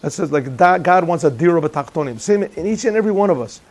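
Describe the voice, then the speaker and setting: A rabbi teaches a Chassidic class in a yeshiva classroom, talking fast with a slightly high, darkish voice and lively intonation. His style is chatty and joking, and he frequently asks the room questions.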